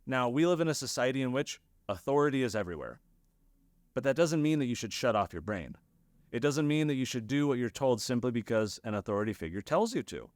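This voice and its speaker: A man of ordinary pitch teaches a lesson on logical fallacies, telling his examples as lively stories and slipping into quick impressions of the people he quotes. His voice is recorded close and dry, with no room sound around it. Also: no room sound. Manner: animated storytelling, acts out quoted voices. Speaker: lecturer. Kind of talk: explanatory talk on logical fallacies.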